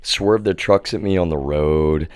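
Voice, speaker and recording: A man's voice: rumbling low, unhurried, darkish tone, clear, resonant tone. A young man hosting a livestream, giving a heated, profane monologue and often calling his viewers "y'all". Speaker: livestream host.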